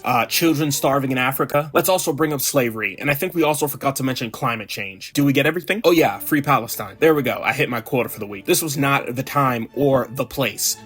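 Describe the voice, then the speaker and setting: Husky, sarcastic male commentator. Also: mid-range voice. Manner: sarcastic, profane, deadpan rants. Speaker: host. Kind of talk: crude satirical commentary vlog.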